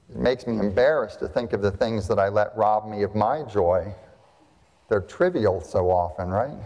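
A man's voice: lowish voice, darkish tone. A male pastor delivering a sermon to his congregation, emphatic, with rhetorical questions and repeated phrases. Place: church sanctuary. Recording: long hall reverb.

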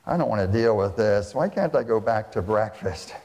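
A preacher voicing a snarky, weary Roman governor. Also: male voice, on the low side, expressive, moderate pace, a little mellow, in a large hall. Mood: irritated. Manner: snarky, impatient.

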